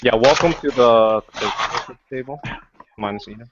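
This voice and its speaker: A man's voice: medium pitch, measured pace, highs cut off, background noise. Dry, teasing man on a voice call. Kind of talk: casual group chat on a live stream. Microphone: online voice call.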